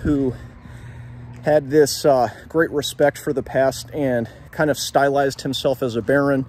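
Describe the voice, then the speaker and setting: A young man hosts a casual literature vlog about a novel, talking as he walks down an outdoor street. His medium-pitched voice is steady, darkish, and a little slow, with some faint hiss or hum in the background.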